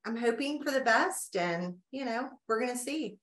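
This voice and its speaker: A woman's voice: fairly high pitch, animated, normal speed, reverberant, crowd noise. A woman guest on a podcast, teasing playfully in casual chat.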